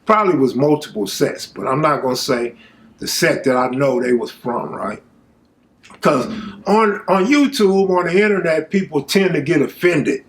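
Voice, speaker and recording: A man telling a true story from his own life in a casual, animated way, full of street slang and asides to the viewer. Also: fairly high pitch.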